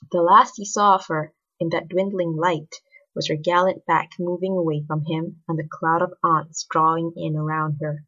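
A woman narrating a story in an expressive, scripted reading. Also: deep voice, normal speed, husky. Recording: dull lo-fi recording.

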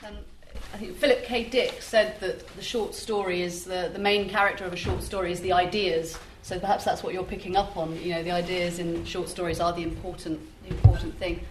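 A woman chairing a festival panel, briskly and politely introducing questions from the floor. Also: fairly low pitch, steady tone. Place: festival hall. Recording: distant, echoey hall with noise.

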